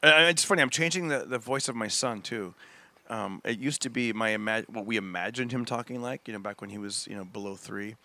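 A man's voice: lowish voice, brisk. A man who is a comedian, chatting casually on a podcast and breaking into funny voices. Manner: animated, breaks into voices and laughs.

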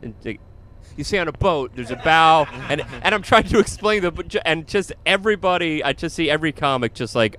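A man's voice: on the high side, lively intonation, fairly quick, sharp tone. A man, a comedian, telling a funny story in casual chat and laughing along as he goes. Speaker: comedian and podcast host.

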